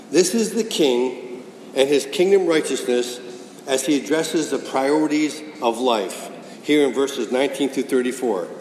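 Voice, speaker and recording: A man's voice: medium pitch, a little mellow, a little hiss or hum. A man preaching a sermon, pressing his points with rhetorical questions and repetition. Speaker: pastor. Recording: echoey hall with faint ambience.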